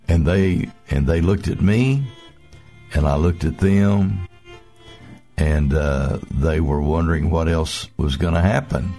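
A man giving a devotional message as a minister, earnest and halting, pausing often on fillers. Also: extremely low pitch, dark tone, soft background music.

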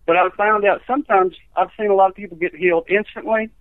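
High-voiced evangelist on the phone. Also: male voice, fairly even intonation, quick pace, dry recording. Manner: rambling folksy storytelling, acts out quotes. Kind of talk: telling healing testimonies on a call-in show. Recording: tinny dry phone line.

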